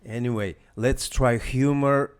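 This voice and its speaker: A man's voice: mid-range voice, fairly even intonation, measured pace, smooth. A man hosting a casual live demo, hesitant, with many fillers and restarts while talking to viewers. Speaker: tech demo host.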